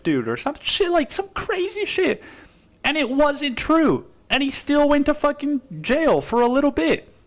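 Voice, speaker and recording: A man's voice: very high voice, fairly bright tone. A man hosting a casual solo podcast, rambling in a stream of consciousness and swearing constantly. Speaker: podcast host.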